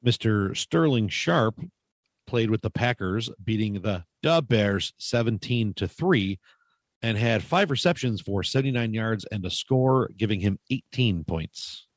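A man's voice: on the low side, animated, measured pace, no room sound. A man co-hosting a casual sports podcast, calling out stats playfully with jokey nicknames. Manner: playful, with jokey nicknames and emphatic stat calls. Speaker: podcast co-host.

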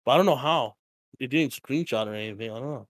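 A young man from Hawaii chats loosely on a podcast mic at home, swearing freely and letting his lines sink into quiet mutters. His voice sits at an ordinary middle pitch, recorded close and dry with no room sound. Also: quick pace, no echo. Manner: profane, joking, trailing off into mumbles. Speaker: podcast co-host. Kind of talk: casual podcast chat.

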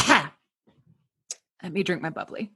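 A woman's voice: fairly low pitch, expressive, takes it slowly, pushed and bright, slightly rough. Playful woman host telling a story. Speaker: podcast host. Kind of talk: casual chat and scripted storytelling.

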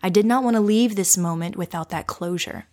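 Soft-spoken woman coach, reflective storyteller. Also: on the low side. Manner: soft, slow and reflective, often dropping to a whisper. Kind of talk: personal storytelling with guided reflection.

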